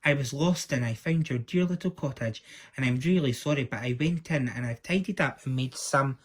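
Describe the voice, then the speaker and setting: A man voicing a sweet, kindly young princess who talks gently and fusses over others. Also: medium pitch, moderate pace, natural voice. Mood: fussing. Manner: gentle, fussing.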